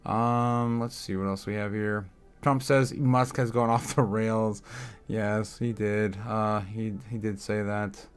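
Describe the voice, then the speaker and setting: A man's voice: on the low side, level tone, slow pace, smooth. Rambling man reading chat. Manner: rambling, lots of filler "uh", laughs at chat. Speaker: host of a crypto livestream. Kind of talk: casual livestream chat, reading headlines and chat.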